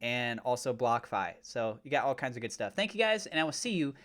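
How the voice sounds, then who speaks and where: A man hosting a crypto channel, talking through price levels on charts in a steady way, with fillers like uh. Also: medium pitch, fairly quick. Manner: mock-gushing and over the top when praising. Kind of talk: chart analysis commentary.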